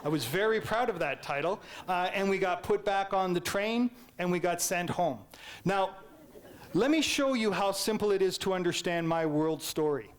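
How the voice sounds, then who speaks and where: A man's voice: high-pitched, moderate pace. A Canadian man giving a public lecture, telling a childhood story and acting out the teachers' lines while he quizzes the audience. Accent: Canadian English. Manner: animated, playful storyteller who acts out teachers and quizzes the audience.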